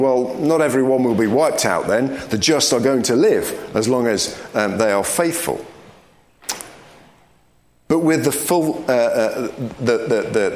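A man's voice: mid-range voice, a little mellow, slight background noise. Man teaching a Bible study, echoey room. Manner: explains scripture, reading verses aloud.

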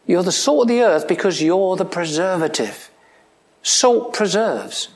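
This man preaches a sermon with lively intonation at a measured pace, chatting with his listeners through questions and touches of dry humor. Sudden emphatic lines rise up, then give way to low, quiet asides.

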